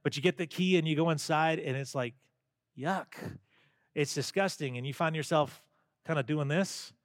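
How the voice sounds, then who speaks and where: A man's voice: a little high, brisk, no echo, clean studio sound. A male pastor preaching a sermon in a conversational way, asking his congregation questions and telling stories.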